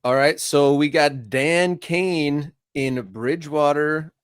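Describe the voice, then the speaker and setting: Laid-back guy co-hosting, reads the chat out, voice a bit on the high side, dry sound. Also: takes it slowly, clear, resonant tone, dry recording. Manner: easygoing, reads out viewer chat. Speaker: soccer show co-host. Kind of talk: casual live-stream chat.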